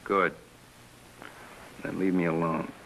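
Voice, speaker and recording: An actor playing a captured air force pilot who answers curtly and defiantly, in 1950s TV drama style. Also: male voice, sits low, flat delivery, slow pace, creaky, fairly bright tone, a little hiss or hum, exaggerated voice, rough recording. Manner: curt and defiant.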